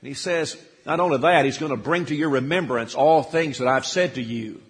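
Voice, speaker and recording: A man's voice: mid-range voice, fairly quick. Emphatic man preaching in a reverberant hall. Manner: animated, rising to emphatic peaks, asks the congregation questions. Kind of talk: sermon. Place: church sanctuary.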